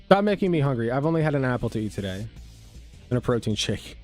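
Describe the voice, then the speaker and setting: A man's voice: mid-range voice, big pitch swings, fast talker, darkish tone, faint music behind. A man hosting a casual reaction stream, rambling, swearing, and interrupting himself. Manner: rambling, profane, self-interrupting. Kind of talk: casual commentary.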